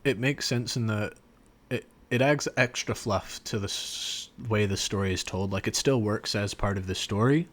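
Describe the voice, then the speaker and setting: A male podcast co-host retelling a scene in relaxed chat. His voice sits a little low but sounds bright and forward. He rambles, restarting phrases and leaning on fillers. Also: moderate pace. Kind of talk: casual chat.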